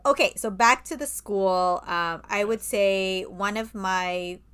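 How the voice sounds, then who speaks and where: A woman's voice: mid-range voice, slow pace, a bit bright, clean tone. A woman co-hosting a podcast in casual chat, talking freely with lots of fillers and the odd swear word. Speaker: podcast co-host.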